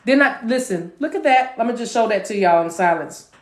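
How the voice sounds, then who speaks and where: A woman's voice: on the high side, lively intonation, a little fast. Chatty woman reading tarot, echoey room. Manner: chatty, repeats phrases, drops into speaking in tongues. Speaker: tarot card reader. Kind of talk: live tarot reading to viewers.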